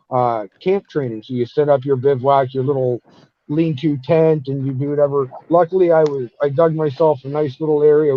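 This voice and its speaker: A man's voice: on the high side, no room sound. A man telling cold-weather stories in casual chat, heavy with swearing. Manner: profane, storytelling. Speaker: podcast guest telling stories. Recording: dull dry lo-fi audio.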